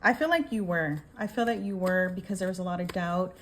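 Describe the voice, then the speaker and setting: A woman's voice: fairly low pitch, fairly quick, a little hiss or hum. Emphatic woman doing a tarot reading. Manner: animated, emphatic, swears and laughs often; keeps checking in with "okay?". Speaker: tarot reader. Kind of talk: casual tarot reading to camera.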